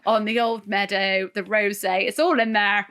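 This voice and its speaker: A woman co-hosting a podcast, telling a funny story in casual chat, animated and often laughing. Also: medium pitch, normal speed, heavy background noise. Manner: animated, laughing, tells stories with voiced asides. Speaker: podcast co-host.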